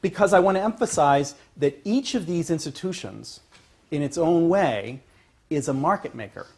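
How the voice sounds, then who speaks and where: A male economics professor giving a university lecture, checking in with "okay?" and restarting phrases, pushing some points louder and letting others trail off. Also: a little high, expressive, moderate pace, slightly rough. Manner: emphatic, builds to louder points then trails off. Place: lecture classroom.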